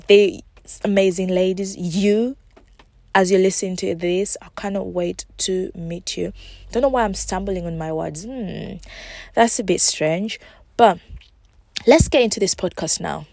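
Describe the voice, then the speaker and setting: A woman's voice: mid-range voice, a little mellow, dry recording. Encouraging woman hosting a solo podcast. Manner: encouraging, repetitive, speaks directly to listeners. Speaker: podcast host and life coach. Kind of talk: casual solo podcast talk.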